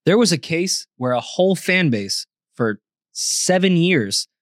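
A sarcastic, contrarian man with a slightly high voice, joking his way through a casual podcast chat. His voice sounds dry and close to the mic. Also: big pitch swings, measured pace, no room sound. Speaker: podcast co-host.

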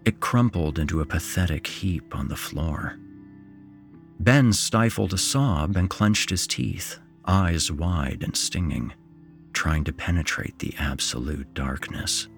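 A man narrating a horror story in a slow, suspenseful way. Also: very deep voice, creaky.

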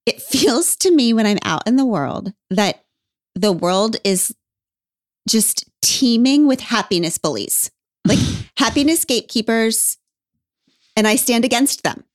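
A woman's voice: on the high side, expressive, measured pace, no room sound, studio quality. A woman hosting a podcast in casual chat, wry and emphatic, laughing often. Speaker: podcast host.

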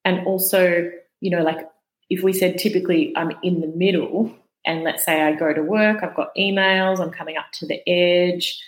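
Low-voiced woman explaining patiently. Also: steady tone, moderate pace, roomy sound, rough recording. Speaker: podcast guest, vagus nerve educator. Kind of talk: explaining in a podcast conversation.

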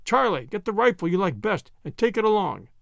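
A man's voice: high voice, big pitch swings, fairly quick, gravelly, fairly bright tone, no echo, heavily acted. A man voicing a grim, urgent rescuer in a storybook reading.

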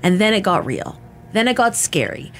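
A woman in her thirties giving a candid personal account in halting, casual speech full of "like" fillers and restarts. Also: medium pitch, sing-song. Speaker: interviewee recounting her experience.

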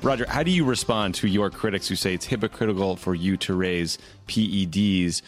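A man's voice: deep voice, a little fast, soft background music. A man hosting a podcast, interviewing his guest in a casual chat and asking dry, joking questions. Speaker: podcast host.

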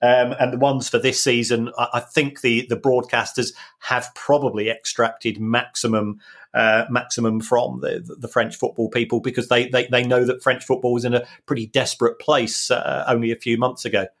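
A man's voice: medium pitch, flat delivery, normal speed, a bit bright. Analytical man explaining football finances. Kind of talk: podcast analysis.

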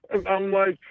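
A man calling in and telling a personal story casually, halting and profane, full of restarts. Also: high voice, no echo. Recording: tinny phone line.

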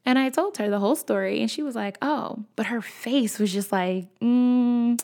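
A woman's voice: medium pitch, expressive, brisk, a little mellow. A young woman telling a personal story in a chatty, casual way, talking straight to her viewers. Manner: chatty, addresses viewers as y'all. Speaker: storyteller vlogger.

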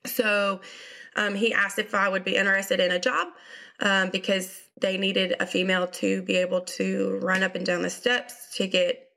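Woman with a Georgia accent, relaxed. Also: mid-range voice, moderate pace, vocal fry. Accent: Southern US (Georgia). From Georgia, USA. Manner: relaxed, uses fillers like um. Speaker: guest, state investigator. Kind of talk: casual interview.

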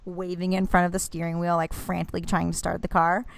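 Gravelly animated woman telling a story. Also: on the low side, quick pace, no echo. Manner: animated, swearing, acts out quotes. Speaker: podcast co-host. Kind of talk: casual storytelling chat.

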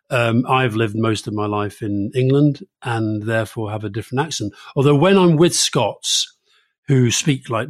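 A middle-aged man co-hosts a political podcast in an ordinary mid-range voice. He talks briskly and directly. Now and then he slips in some dry teasing of his co-host. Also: medium pitch.

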